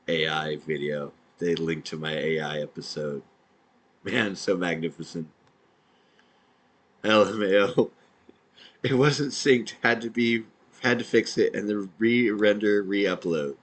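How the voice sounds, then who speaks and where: A man's voice: low voice, measured pace, rough recording. A man, an independent podcaster, reading out his own messages in a dry, matter-of-fact way.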